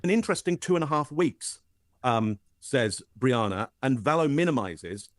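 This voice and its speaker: A British man picks apart body language in measured, analytical commentary. His voice sits at a middle pitch and sounds dry and close, with no room around it. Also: very animated, dry recording. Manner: measured, hesitant with fillers.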